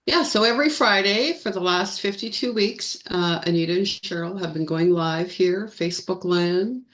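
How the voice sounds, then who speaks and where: A woman's voice: fairly low pitch, normal speed, a bit bright. A woman co-hosting a live feng shui show, chatting casually and rambling with self-corrections. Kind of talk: casual live-stream chat.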